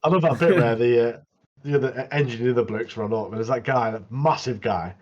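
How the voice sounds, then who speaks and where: A husky-voiced man co-hosts a casual anime podcast, blunt and full of slang. His sound comes through a dull, lo-fi microphone that blunts the top end, and his voice sits at an ordinary middle pitch. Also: fast talker, a little mellow. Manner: blunt, slangy, chiming in with short agreements. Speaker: podcast co-host.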